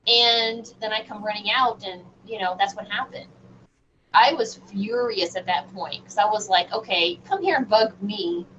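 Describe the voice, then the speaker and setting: Lady telling a spooky story on a podcast, lots of ums, kinda far from the mic, muffled. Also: mid-range voice. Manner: animated, halting with fillers and restarts. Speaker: guest medium. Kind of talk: casual storytelling in a radio interview. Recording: distant, dull lo-fi sound with faint noise.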